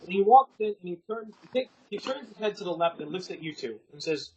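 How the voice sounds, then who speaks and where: A man's voice: high-pitched, lively intonation, quick pace, hardly any pauses, a little mellow, husky, lo-fi sound. A man narrating a tabletop game as game master, rambling with many ums and restarts.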